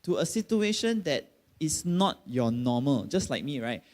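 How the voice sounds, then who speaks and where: A man's voice: a little high, big pitch swings, moderate pace, a little mellow. A middle-aged man with a Malaysian English accent, preaching a sermon in a conversational way, with many fillers and sudden emphatic bursts. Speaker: pastor.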